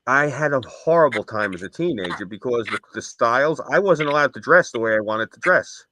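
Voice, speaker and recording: A man's voice: medium pitch, animated, fairly quick, hardly any pauses, pushed and bright, slight background noise. Rambling man telling stories on a stream. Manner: rambling anecdotal storyteller. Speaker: stream co-host. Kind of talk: casual stream chat, storytelling. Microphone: desk mic on a stream.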